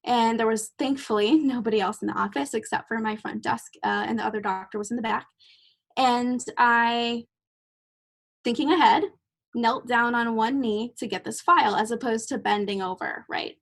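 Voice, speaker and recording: A woman's voice: on the high side, moderate pace, vocal fry. A woman host and clinician in a casual podcast conversation, a chatty storyteller who laughs easily.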